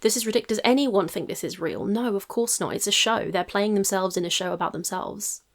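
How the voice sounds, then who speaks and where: A woman's voice: mid-range voice, a little fast. A woman hosting a reaction channel, giving skeptical casual commentary and thinking aloud with hedges.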